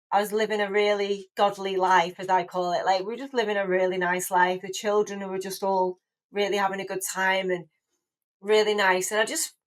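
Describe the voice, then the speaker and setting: Chatty emotional woman guest. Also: mid-range voice. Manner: chatty, emotional, many restarts and "like"s. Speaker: podcast guest. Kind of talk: casual chat.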